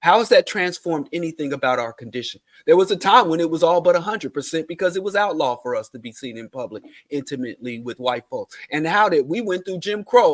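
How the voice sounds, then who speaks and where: Male guest, slightly raised pitch, dry sound, emphatic and argumentative. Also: no echo. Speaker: podcast guest. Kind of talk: casual podcast discussion.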